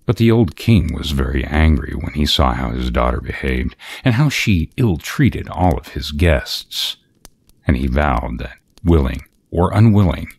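A man narrating a fairy tale in a gentle, measured way. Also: rumbling low, creaky, slightly rough. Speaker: storyteller.

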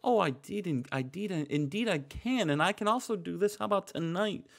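A man's voice: high-pitched, animated, fairly quick, vocal fry, voice pushed up, heavily acted. A man doing a gloating wrestling boss. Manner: taunting, gloating.

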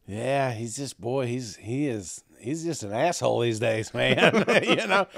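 A man's voice: medium pitch, expressive, unhurried, vocal fry, fairly bright tone, no room sound, studio quality. A man co-hosting a casual college football podcast, joking and ribbing his partner. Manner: joking, laughs often, teasing. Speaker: podcast co-host. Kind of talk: casual sports chat.

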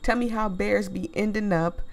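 A woman reading a story game aloud to viewers, animated and expressive, swearing freely and breaking off into laughing asides. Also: mid-range voice, normal speed, gravelly, slight background noise. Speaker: gaming video creator.

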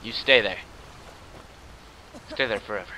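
A man's voice: on the low side, unhurried, sharp tone, slight background noise. A man casually commenting on his own gameplay, joking and talking to himself. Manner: playful, jokey, talks to himself. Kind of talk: casual let's-play commentary.

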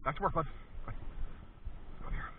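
A man training his tracking dog outdoors on foot, coaxing and praising it while he thinks aloud about the trail. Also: brisk. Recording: tinny, phone-like outdoor recording with faint noise.

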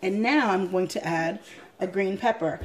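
A woman's voice: mid-range voice, normal speed, crowd noise. A woman in her thirties talking through a salad in her home kitchen, chatty, with frequent ums and price notes. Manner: chatty, thrifty price talk with fillers. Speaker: vlogger. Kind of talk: casual cooking vlog.

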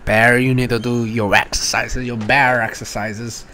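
A man's voice: medium pitch, little pitch movement, normal speed, pushed and bright. Playful gamer man over a noisy recording. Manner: playful, chatty, cheers on his characters. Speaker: let's play gamer. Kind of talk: casual gameplay commentary.

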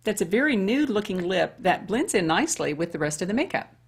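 A woman's voice: medium pitch, sing-song, fairly quick, slightly rough. A woman over fifty chatting her way through a makeup tutorial and talking straight to women viewers. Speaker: beauty vlogger. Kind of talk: casual makeup tutorial chat.

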